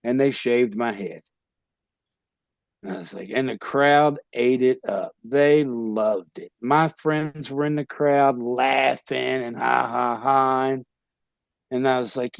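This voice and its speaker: A man, a wrestler guest telling animated stories in casual talk, acting out quoted voices and swearing freely. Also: mid-range voice, measured pace, creaky, dry recording. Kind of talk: casual storytelling interview.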